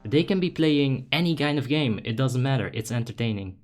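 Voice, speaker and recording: A young man from the Netherlands doing casual live gameplay commentary, reading chat aloud with excited bursts. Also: mid-range voice, brisk, soft background music. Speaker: game streamer.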